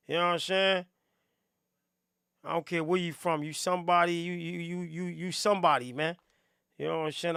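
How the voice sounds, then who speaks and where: A man's voice: fairly high pitch, creaky, pushed and bright, clean tone, no echo, studio quality. A man hosting a live music review stream, reacting with hyped, joking commentary and talking straight to his chat. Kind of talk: casual livestream commentary.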